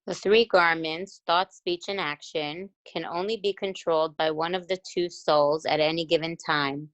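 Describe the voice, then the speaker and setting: A woman in a study class reading passages aloud in a steady, careful way. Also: low-pitched, normal speed, poor audio.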